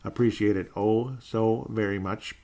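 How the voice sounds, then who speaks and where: A man hosting a sports talk show, reading out viewer comments in a relaxed way and chuckling now and then. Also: on the low side, unhurried, gravelly. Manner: relaxed, chuckles often, trails off and restarts. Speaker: podcast host.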